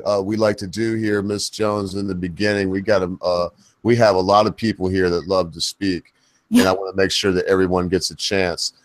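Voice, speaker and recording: Hosting a casual panel chat, a man with a lower voice rambles in a loose, folksy way and frequently stops to correct himself. The recording is dry and close, without room echo.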